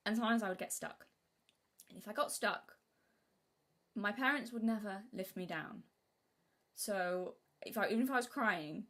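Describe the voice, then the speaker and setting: Young british woman streaming, talks super fast, rambly, keeps restarting sentences. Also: fairly bright tone. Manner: rambling, self-interrupting, acts out childhood quotes in a high voice. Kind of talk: casual live-stream chat.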